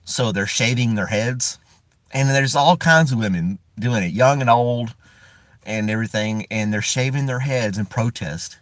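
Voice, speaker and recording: A man's voice: mid-range voice, a little slow, fairly bright tone, dry recording. A man from the United States hosting a casual live stream from inside a parked car. He rambles, chuckles often and greets viewers by name.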